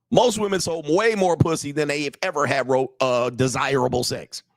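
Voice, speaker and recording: Blunt and profane, a dating and relationship coach runs a casual livestream monologue, repeating himself and calling on his audience to agree or dispute him. His voice is fairly high in pitch, captured in a dry, clean studio recording.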